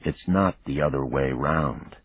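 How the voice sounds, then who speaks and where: Deep husky male audiobook narrator. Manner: measured, reflective storytelling. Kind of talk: first-person scripted narration. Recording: dull lo-fi dry recording.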